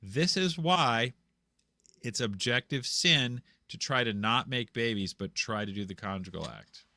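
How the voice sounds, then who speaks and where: A man's voice: medium pitch, animated, a little slow, sharp tone, no room sound, clean studio sound. A man on a video call from home, explaining church law in a casual, rambling way, full of restarts and repeated words. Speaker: guest explaining canon law. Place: home room with a green screen.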